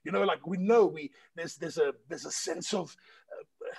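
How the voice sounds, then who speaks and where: A man from South Africa, a guest chatting on a podcast and telling lively anecdotes full of quoted voices. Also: a little high, moderate pace, gravelly, breathy edge. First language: Greek heritage, bilingual. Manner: animated storyteller, mimics people in quoted voices. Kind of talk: casual podcast chat.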